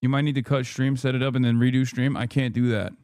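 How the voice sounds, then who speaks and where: A man's voice: mid-range voice, level tone, quick pace, darkish tone, clean tone, no room sound, clean studio sound. A man hosting a live stream, frustrated and swearing as he troubleshoots his setup aloud to viewers. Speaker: livestream host.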